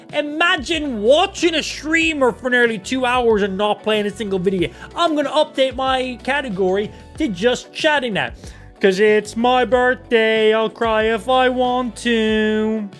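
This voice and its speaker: A young Irish man in his twenties, a gaming streamer, chats casually on a live stream in a high, fairly bright voice. He swears freely and reacts to his chat.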